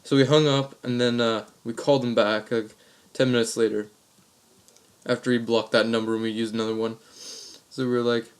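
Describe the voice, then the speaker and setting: This young man's vlog is casual comic storytelling: funny tales told in a rambling way, packed with crude slang. He talks at a normal speed in a level, medium-pitched voice.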